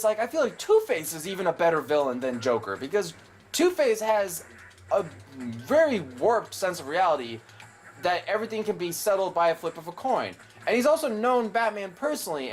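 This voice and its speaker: A man's voice: high-pitched, slight background noise. A young man casually commentating a video game, rambling and opinionated, with frequent swearing. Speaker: gameplay commentator. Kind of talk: casual let's play commentary.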